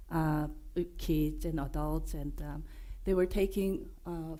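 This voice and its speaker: A woman with a Korean accent presenting at a developer conference, her voice hoarse from being unwell, joking and filling pauses with many fillers and restarts. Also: fairly low pitch, mellow. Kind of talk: conference talk. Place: conference room.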